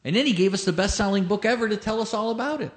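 A man's voice: high-pitched, rapid-fire. A male pastor preaching a sermon, emphatic, stacking repeated phrases and rhetorical questions, and telling a joke as a story.

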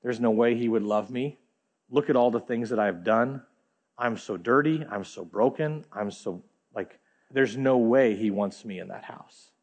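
A man's voice: mid-range voice, unhurried, voice pushed down. A male preacher voicing a young woman full of shame, telling herself she is unloved and broken. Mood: self-loathing. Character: young woman, ashamed and bitter.

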